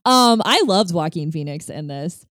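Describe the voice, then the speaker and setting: A woman's voice: fairly low pitch, lively intonation, normal speed, fairly bright tone, no echo, clean studio sound. A woman in casual film discussion, talking candidly and animatedly with frequent fillers and some swearing.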